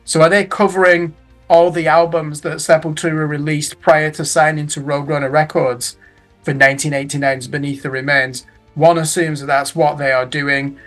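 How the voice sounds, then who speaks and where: Middle-aged male reviewer, chatty and offhand, voice sitting a touch high. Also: fairly bright tone. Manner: chatty, tag questions, frequent self-corrections. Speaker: music reviewer. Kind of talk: casual album roundup.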